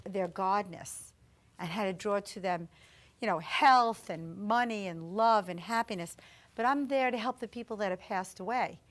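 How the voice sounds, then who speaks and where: Earnest woman psychic telling stories. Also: mid-range voice. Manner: emotional, earnest, quick to act out quoted voices. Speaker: psychic host of a discussion show. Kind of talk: personal storytelling to a studio audience. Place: community access TV studio.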